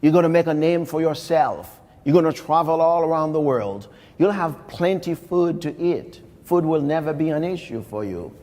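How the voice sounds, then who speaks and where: A man's voice: a little high, lively intonation, moderate pace, darkish tone, long reverb tail, natural voice. A man with a Haitian accent voicing a poor, wise old neighborhood woman who speaks firmly and encouragingly. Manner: firm, encouraging.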